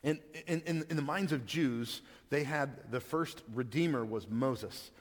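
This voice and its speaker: A man's voice: medium pitch, measured pace, long reverb tail. A man giving a sermon as a pastor, talking in a conversational way with frequent stammered restarts.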